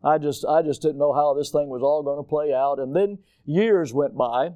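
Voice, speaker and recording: A middle-aged man preaching a sermon, telling stories with lively rhetorical questions to his congregation. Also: fairly high pitch, moderate pace, no echo. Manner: animated storytelling with rhetorical questions. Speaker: pastor.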